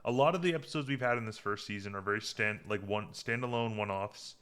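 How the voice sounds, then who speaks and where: A man co-hosting a podcast in casual chat, rambling with lots of restarts and getting animated when something amuses him. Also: lowish voice, fast, clean tone. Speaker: podcast co-host.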